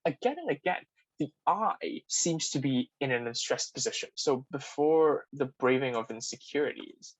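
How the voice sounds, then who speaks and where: A man's voice: medium pitch, animated, moderate pace, no room sound, poor audio. A young man tutoring, walking through an exam answer and thinking aloud with many "sort of"s and restarts. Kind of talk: explanatory exam walkthrough.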